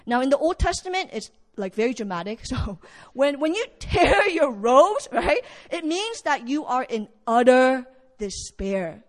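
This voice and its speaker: A woman delivers a sermon in a high voice, telling the story with lively energy. She acts out what each character says as she goes. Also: unhurried, in a large hall. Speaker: preacher.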